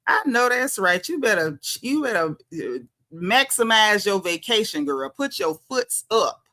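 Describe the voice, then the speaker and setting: Bright-voiced sassy Southern woman. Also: medium pitch, very animated, unhurried. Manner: chatty, sassy, greets viewers by name. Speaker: livestream host. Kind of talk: casual livestream chat.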